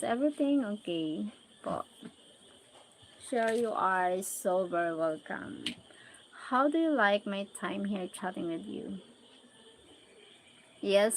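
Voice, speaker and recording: A woman with a Filipino accent hosting a casual livestream, slowly reading out viewers' comments and thanking them one by one. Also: medium pitch, vocal fry, a little hiss or hum, poor audio. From Philippines. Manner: slow, unhurried greetings and thanks to viewers. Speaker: livestream host.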